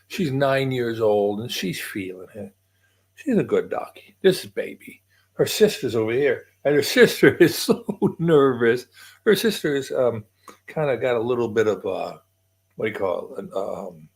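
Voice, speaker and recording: An older man hosts a loose, chatty livestream from his home, drifting from one thing to the next and greeting viewers by name. His voice is slightly husky and rises and falls a lot as he talks. His pitch sits in the middle for a man. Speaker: livestream host. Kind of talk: casual livestream chat.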